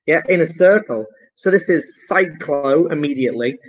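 A man's voice: on the high side, lively intonation, normal speed, low-quality recording. A man teaching chemistry, going over homework in an online lesson with playful, jokey asides.

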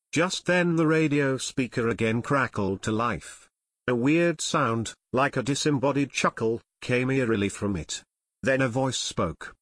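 A man narrating a full-length audiobook in a steady storytelling manner. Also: mid-range voice, measured pace, no room sound, studio quality. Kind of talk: scripted narration.

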